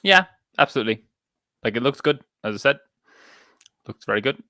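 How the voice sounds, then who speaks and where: A man's voice: medium pitch, expressive, fairly quick, bright, forceful tone, no room sound. A man chatting casually and easily on a podcast, mostly agreeing with short remarks. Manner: easygoing, brief agreeing replies. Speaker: podcast panelist. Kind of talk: casual chat.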